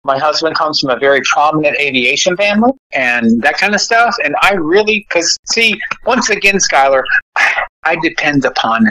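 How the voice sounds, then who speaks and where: A man in his fifties telling stories in a casual podcast chat, sassy and animated, with many restarts. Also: on the high side, moderate pace, poor audio. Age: 50s. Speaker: podcast guest. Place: Florida.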